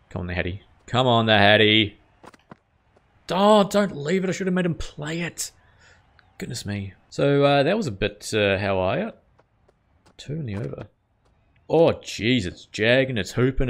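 A man talks over his video game in a low, gravelly voice, flipping between quiet muttering and sudden loud reactions. He swears freely at the game and keeps up a casual stream of commentary. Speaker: gaming channel host.

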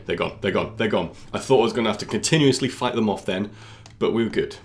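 A man's voice: lowish voice, fast, slight background noise. A young British man giving jumpy, exclamatory let's-play commentary, full of jokes, as a gaming YouTuber.

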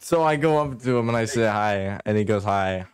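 A man's voice: fairly low pitch, expressive, normal speed, smooth, no echo. A man hosting a podcast in casual chat, telling stories in a playful way and laughing often. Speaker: podcast host.

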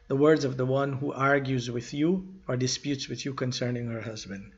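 A man teaches a grammar lesson in a relaxed, informal way, rattling off verses fast and then slowing down to explain with pauses and corrections. His voice is husky and mid-pitched. The recording sounds dull and lo-fi.

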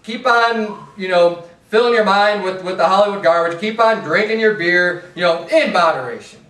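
A man's voice: sits high, moderate pace. A man preaching a fervent sermon as pastor, with an American accent, stumbling over repeated words as he presses his points. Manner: impassioned, repetitive restarts, mimics soft preachers in a hushed voice. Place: church sanctuary. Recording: echoey room from far off.

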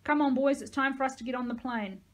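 Storybook voice: a woman doing a heartfelt young woman, earnest and warm-hearted. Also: fairly high pitch, steady tone, normal speed, natural voice. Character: grateful, emotional young woman.

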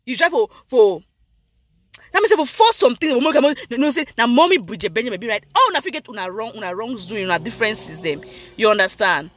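A speaker with a Cameroonian Pidgin English accent hosts a vlog, ranting in heated commentary, talking straight at someone and repeating points with lively emphasis. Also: mid-range voice, brisk, no room sound. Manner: animated, repetitive, addresses someone directly. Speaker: blogger and vlog host.

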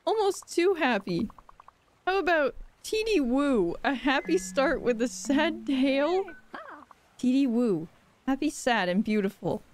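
A woman voicing an excitable, friendly male bird in a game, with breathy, wondering exclamations. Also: high-pitched, a little slow, slight background noise. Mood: dreamy. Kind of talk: reading game dialogue aloud in a voice.

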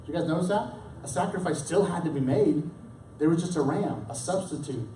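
Speaking a little fast in a mellow, higher-leaning voice, this pastor, young adult or middle-aged, delivers a conversational sermon in church. He keeps restarting his words and acts out quotes with drama. There's faint hiss or hum, and the mic sits far off in a roomy hall.

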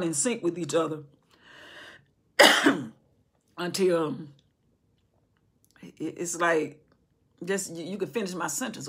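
A woman's voice: lowish voice, fairly bright tone, slightly rough. A woman teaching an informal Bible study indoors, talking conversationally with rhetorical questions and frequent restarts. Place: indoor room with candles.

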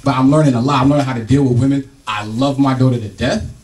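A middle-aged man doing a stand-up comedy set on a club stage, loud and profane, acting out scenes from home. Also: medium pitch, fast talker, far from the mic, a little hiss or hum. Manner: loud, animated, profane, acts out family bits.

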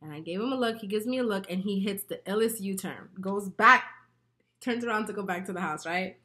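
Bright-voiced woman telling a wild story. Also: mid-range voice, fairly quick. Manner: animated and profane, laughing often. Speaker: beauty vlogger. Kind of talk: casual storytelling while doing makeup.

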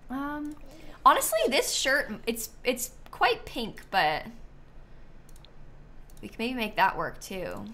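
A woman streams a life-sim game, chatting casually and thinking out loud while sleepy and yawning. Her voice is on the high side, very animated and sharp in tone, but she speaks slowly with long pauses.

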